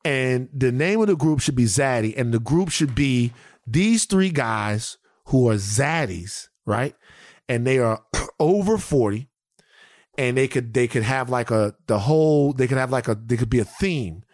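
A man's voice: medium pitch, animated, a little slow, a little mellow, no echo, studio quality. A man co-hosting a podcast in casual chat, ranting in mock outrage and mimicking friends. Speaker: podcast co-host.

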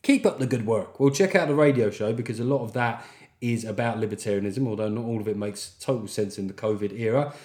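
A man's voice: on the low side, fast talker, a little mellow, reverberant. A man hosting a podcast, delivering a sweary, jokey comic monologue and reading out listener reviews. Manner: sweary, jokey, slips into mock accents. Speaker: podcast host.

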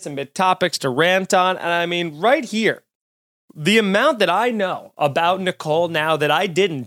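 A man hosting a comedy podcast, ranting in an animated, profane, mock-outraged way. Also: high voice. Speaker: podcast host.

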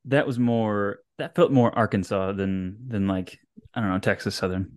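A man's voice: lowish voice, fairly even intonation, moderate pace, no echo, studio quality. A man co-hosting a casual podcast, easygoing and hesitant, often circling back mid-sentence. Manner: easygoing, hesitant, full of fillers and restarts. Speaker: podcast co-host.

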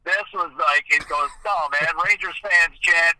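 A man's voice: on the high side, moderate pace, bright, forceful tone, slight background noise, poor audio. A man from Eastern Ontario, a guest on a podcast interview, telling stories in a chatty way full of "like" and "you know.". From Eastern Ontario, Canada. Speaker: guest, hockey video game commentator.

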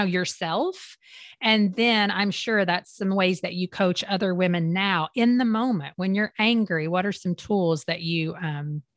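A woman's voice: medium pitch, no echo, clean studio sound. A woman hosting a podcast interview, asking questions and giving supportive affirmations. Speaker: podcast host.

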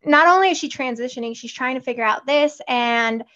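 Chatty high-voiced woman co-host. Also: fairly quick, lo-fi sound. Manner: chatty, animated, acts out quoted lines. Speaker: podcast co-host. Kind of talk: casual chat.

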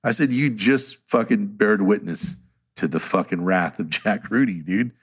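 A man with a fairly low voice tells long stories in a loose podcast conversation. He swears constantly and jumps into voices to quote his friends, keeping the tale rolling. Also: a little slow, slightly rough. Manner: profane, animated storyteller acting out quotes. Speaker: tattoo artist telling stories on a podcast. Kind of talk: casual podcast storytelling.

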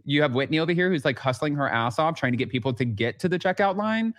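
A man's voice: a little high, lively intonation, fast talker, fairly bright tone. A man hosting a casual recap podcast, chatty and gossipy, filling his talk with "like". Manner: chatty, gossipy, heavy use of "like". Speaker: podcast host.

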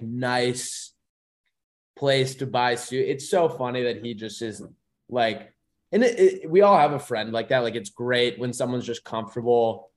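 A young man co-hosting a podcast, chatting casually and rambling with many restarts. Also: medium pitch. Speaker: podcast co-host. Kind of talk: casual chat.

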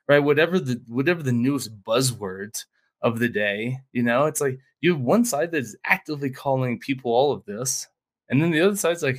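A man co-hosting a casual podcast, talking bluntly and profanely. He slips into mocking quoted voices and laughs easily. His pitch sits in an ordinary middle range. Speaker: podcast co-host. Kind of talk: casual political podcast chat. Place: small mountain town home studio.

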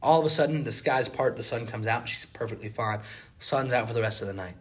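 Animated young Southern man telling stories. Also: medium pitch, a little fast. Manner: animated, acts out quotes and sound effects. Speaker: podcast co-host. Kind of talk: casual storytelling chat.

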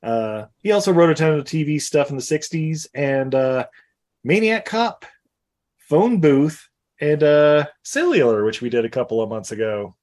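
A man's voice: on the high side, animated, normal speed, a little mellow. A man co-hosting a casual podcast chat, chuckling often as he runs through film credits with joking asides. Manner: laughs often, lists film titles with asides. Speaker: podcast co-host.

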